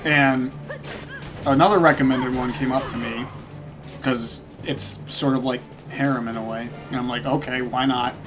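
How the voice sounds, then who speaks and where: A man's voice: medium pitch, fairly even intonation, normal speed. A young man streaming a game, chatting casually, laughing often and thinking aloud while he plays. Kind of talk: casual gaming stream chat. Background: game music.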